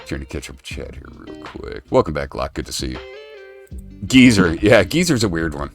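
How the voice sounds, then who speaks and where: A man's voice: sits low, big pitch swings, a little slow, vocal fry, long pauses, soft background music. An American man hosting a casual streamed chat show, rambling and laid-back, swearing now and then. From United States.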